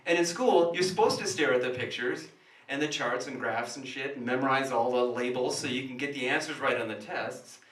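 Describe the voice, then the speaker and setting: A man performing a stand-up comedy monologue in a small café, telling an animated story that swings between hushed asides and sudden loud outbursts. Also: medium pitch, a little fast. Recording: roomy café sound from a distant camera.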